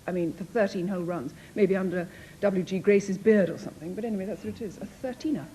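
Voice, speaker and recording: A woman's voice: medium pitch, fast talker, warm tone, husky, rough recording. A woman team captain on a panel game show, telling stories in a playful, amused way.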